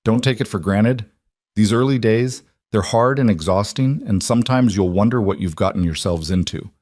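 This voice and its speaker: A man voicing a stern older woman, a frontier midwife who gives firm, brisk instructions. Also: on the low side, a little mellow, no echo, studio quality, close to an everyday voice. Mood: gentle.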